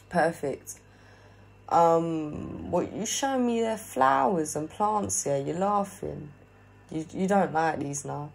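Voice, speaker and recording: A woman's voice: low-pitched, darkish tone, low-quality recording. A woman chatting casually as she relays a spirit's opinions, often checking with "yeah?" and repeating herself. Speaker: spiritual medium channeling a spirit. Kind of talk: casual spirit reading to camera.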